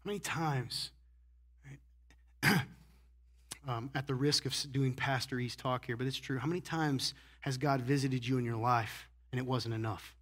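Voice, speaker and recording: A pastor addresses his congregation from a church sanctuary, his voice medium in pitch and his pace moderate. He preaches casually, as if in conversation, often tossing in "right?" and moving between hushed asides and loud emphasis.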